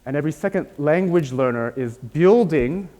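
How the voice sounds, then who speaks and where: A man's voice: a little high, lively intonation, normal speed, mellow. Lecturing man in a reverberant hall. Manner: explanatory, checks in with "right?" often. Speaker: university lecturer. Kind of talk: academic lecture.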